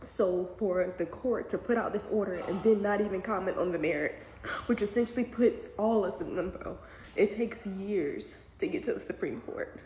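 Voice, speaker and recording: A woman's voice: mid-range voice, moderate pace, mellow, roomy sound, a little hiss or hum, low-quality recording. A mother giving emotional commentary, earnest and close to tears, sometimes searching for words.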